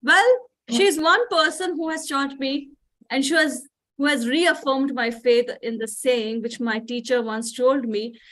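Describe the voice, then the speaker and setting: A female event host speaks at a measured pace in a high, slightly bright voice. She introduces student performers effusively, heaping praise on each one.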